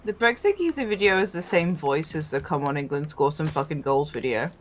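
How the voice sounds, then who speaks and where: A woman's voice: low voice, lively intonation, a little fast, slight background noise. A woman co-hosting a game stream, teasing playfully in casual chat. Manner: playful, teasing, laughs often.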